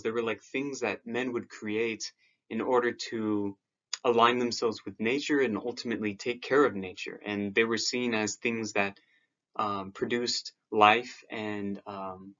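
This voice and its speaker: A man's voice: on the low side, steady tone, unhurried, fairly bright tone, lo-fi sound. A man giving a video lecture on scripture, talking in a hesitant way with fillers and restarts.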